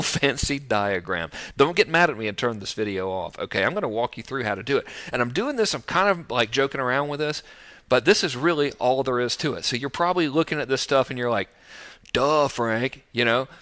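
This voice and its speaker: A man talking straight to the camera about marketing, joking and breezy, with a lively pitch that swings a lot. His tone is bright and forward. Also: a little fast. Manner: joking, breezy and animated, with playful sound effects. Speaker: online marketing teacher. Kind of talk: casual direct-to-camera marketing talk. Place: outdoors overlooking the ocean.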